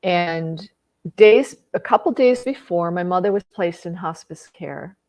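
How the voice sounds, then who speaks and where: A woman's voice: fairly low pitch, a little slow, darkish tone. A middle-aged woman speaking on personal growth, telling an emotional personal story in an earnest voice, with many fillers and restarts. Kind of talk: reflective storytelling monologue.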